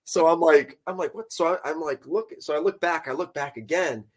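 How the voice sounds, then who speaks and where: A husky, slightly high-voiced man spinning a fishing yarn in relaxed podcast chat. He talks in an animated, profane way, stumbling over his words and breaking into laughter. The feel is loose and conversational. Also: fairly quick. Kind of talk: casual storytelling.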